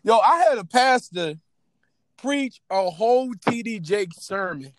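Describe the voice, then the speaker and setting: A man co-hosts a casual podcast. He talks with animation, laughing and teasing as he goes. His voice sits fairly high and sounds dry and close. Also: measured pace, dry recording. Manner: animated, laughing, mocking impressions. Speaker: podcast co-host. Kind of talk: casual chat.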